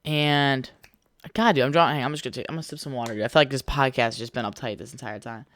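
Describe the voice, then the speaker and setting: A man's voice: mid-range voice, fairly even intonation, racing, fairly bright tone. A young man hosting a casual solo podcast, rambling and swearing freely as he tells stories. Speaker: podcast host.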